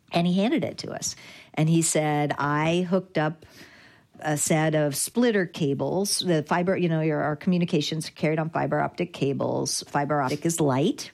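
A woman guest in an interview, recounting a story with animated anecdotes and frequent restarts. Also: low voice. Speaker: guest, digital rights lawyer. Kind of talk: conversational storytelling.

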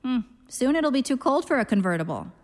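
A woman voicing a flirtatious, restless middle-aged mother with a breathy, playful lilt, read aloud in a story. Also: high-pitched, very animated, a little fast, a little mellow, pitched above the performer's own voice. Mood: flirty.

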